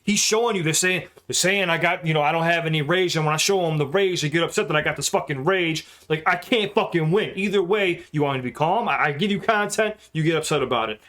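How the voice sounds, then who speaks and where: Man swearing excitedly over a rap track. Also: fairly high pitch, fast, few pauses. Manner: excitable, profane, breaks down lyrics line by line. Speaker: music reaction host. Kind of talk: casual reaction commentary.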